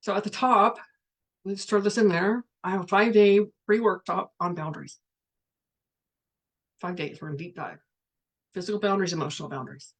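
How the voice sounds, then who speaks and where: A woman's voice: medium pitch, steady tone, a little fast, long pauses. Frank, chatty woman on a livestream. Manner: frank and chatty, reads viewer comments aloud. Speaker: spiritual coach. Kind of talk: casual livestream talk.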